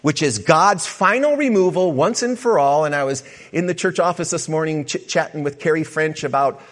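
A middle-aged pastor preaching a sermon, with conversational asides to the congregation. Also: male voice, moderate pace. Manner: animated preaching, pitch rising for emphasis and dropping low.

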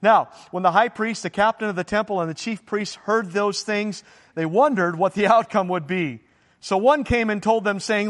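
A man delivers an emphatic sermon, pressing his points with rhetorical questions. His voice sits high for a man. The sound rings with a long reverb, as in a big hall. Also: fairly quick, a bit bright. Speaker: pastor.

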